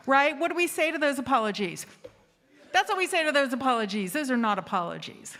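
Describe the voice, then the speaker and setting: A woman's voice: sits high, very animated, brisk, fairly bright tone. A woman hosting an assembly, telling a candid, funny story to a live audience and asking them questions. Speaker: assembly host. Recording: reverberant hall.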